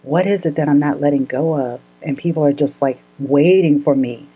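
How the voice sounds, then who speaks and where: A woman's voice: low-pitched, moderate pace, husky, dull audio. A woman co-hosting a casual podcast, telling a story earnestly and laughing often.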